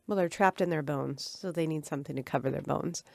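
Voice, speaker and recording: A woman co-hosting a podcast, chatting casually and reacting with quick comments and laughs. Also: low-pitched, vocal fry, a little mellow, dry recording, clean studio sound. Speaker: podcast co-host.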